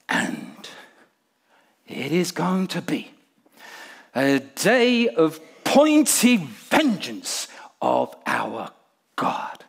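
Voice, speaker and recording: A man from Nigeria preaching a sermon in an animated, humorous way, acting out crowd responses. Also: on the high side, very slow, creaky, long pauses, husky.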